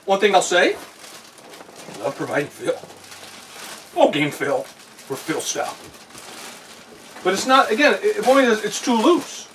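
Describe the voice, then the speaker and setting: A man's voice: high voice, sing-song, slow, pauses often, fairly bright tone. A man doing a sarcastic unboxing vlog, ranting about the packing and mocking the product text. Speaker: unboxing vlogger. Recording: distant mic, noisy room.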